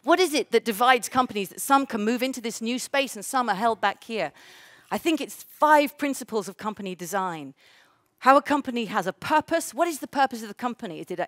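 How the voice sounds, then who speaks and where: A woman's voice: a little high, expressive, a little fast, no room sound, studio quality. A woman with an English accent giving a public lecture on a stage, emphatic and full of rhetorical questions. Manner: emphatic, rhetorical questions, builds to big points. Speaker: economist giving a seminar talk.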